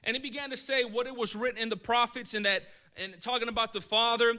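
A man preaching a casual, animated sermon in a colloquial way, chuckling as he goes. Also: extremely high pitch, fast talker.

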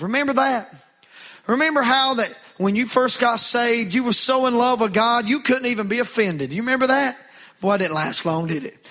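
Bright high-voiced male preacher. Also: moderate pace. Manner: preaching with rising fervor, calls to the congregation. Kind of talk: sermon.

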